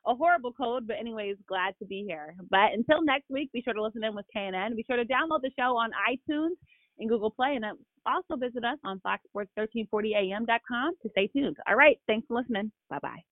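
A woman hosting a casual sports radio show, hoarse from a cold, upbeat and emphatic. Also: a little high, fast, dry recording. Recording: tinny phone-line sound, dry.

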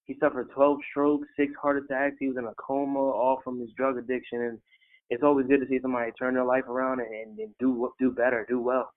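A man co-hosts a sports radio chat in a relaxed, earnest way, full of fillers. His voice sits at an average pitch and sounds tinny and narrow, as if over a phone line. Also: a little fast. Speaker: radio co-host.

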